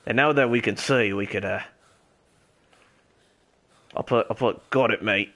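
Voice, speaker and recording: A man's voice: fairly low pitch, measured pace. A man putting on a swearing Aussie larrikin gamer. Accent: put-on Australian. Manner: rambling, swears a lot, calls out loudly to other players. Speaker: streamer playing as a character. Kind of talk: in-character game role-play stream.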